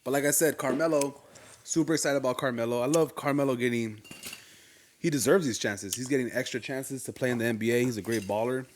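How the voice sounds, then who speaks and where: A man's voice: mid-range voice, fast, a little hiss or hum. Casual podcast host, a man from LA, slangy and easygoing, mid-range voice. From Los Angeles. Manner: laid-back slangy storytelling, laughs often. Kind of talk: casual chat.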